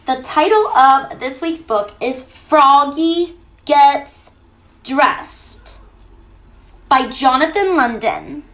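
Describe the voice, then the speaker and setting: A woman teacher reading a picture book aloud to children, animated and playful, stretching out the sounds. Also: sits high, very slow.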